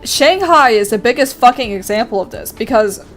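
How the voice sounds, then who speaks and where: A woman's voice: on the high side, lively intonation, moderate pace, faint music behind. Chatty, foul-mouthed woman streamer. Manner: chatty, swears freely, frequent laughter. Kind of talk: casual livestream chat.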